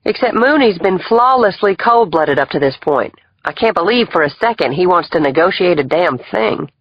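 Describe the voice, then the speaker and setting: Woman doing a tough female detective, husky, no-nonsense, dull lo-fi audiobook sound. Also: fairly low pitch, animated, normal speed, dry recording. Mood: skeptical. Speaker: detective partner. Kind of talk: audiobook voice acting.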